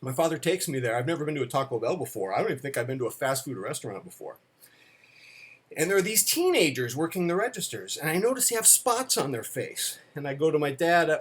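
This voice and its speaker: A man's voice: medium pitch, expressive, brisk. A man in his fifties telling stories about fatherhood on a home video, rambling and self-deprecating with lots of fillers. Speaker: vlogger, storyteller. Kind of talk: casual storytelling monologue. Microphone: camera.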